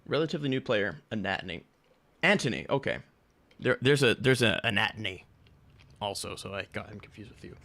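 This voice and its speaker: A man's voice: on the low side, lively intonation, a little fast, vocal fry, pushed and bright. A young man chatting casually with his stream chat while gaming, rambling, sarcastic and swearing a lot.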